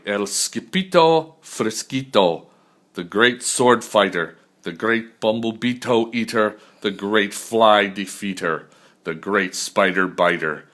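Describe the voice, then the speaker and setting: A man's voice: on the low side, fairly bright tone. An older man voicing a boastful young boy kitten who plays a Chihuahua, with an exclamatory put-on Spanish accent.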